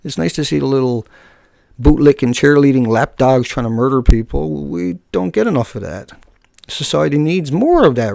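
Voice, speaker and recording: A man's voice: medium pitch, animated, a little fast, gravelly, darkish tone, no echo, studio quality. A man on a live stream who answers chat and taunts a commenter in a combative, scornful way. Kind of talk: unscripted live stream rant.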